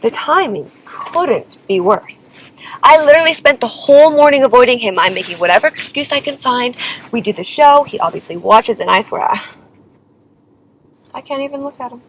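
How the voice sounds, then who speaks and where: A young woman singer tells a personal story for a confessional vlog, dramatic and exasperated, saying "like" and "okay?" a lot. Her fairly high voice is animated and moves at normal speed. The low-quality recording carries a little hiss or hum.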